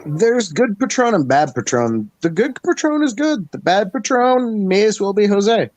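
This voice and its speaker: A man's voice: sits high, very animated, normal speed, darkish tone, dry recording. A man in his thirties in casual chat on a stream, making dry joking asides.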